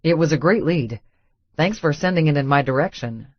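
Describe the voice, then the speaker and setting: A woman's voice: sits low, animated, a little fast, no room sound, lo-fi sound. A woman voicing a smug, slick male real estate agent in an audiobook, breezy and self-satisfied.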